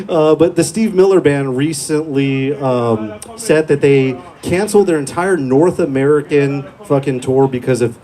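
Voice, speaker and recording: A man's voice: mid-range voice, a little mellow. Profane young man doing stand-up. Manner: crude, profane, laid-back storytelling. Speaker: stand-up comedian. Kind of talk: stand-up comedy set. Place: small comedy club. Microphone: handheld mic.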